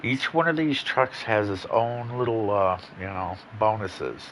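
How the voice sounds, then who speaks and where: A man's voice: on the low side, animated, a little slow, a bit bright, slight background noise. A man casually commenting on his gameplay, rambling and blunt, with plenty of swearing. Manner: laid-back, rambling, profane and blunt. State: yawning, a bit tired. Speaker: gaming channel host.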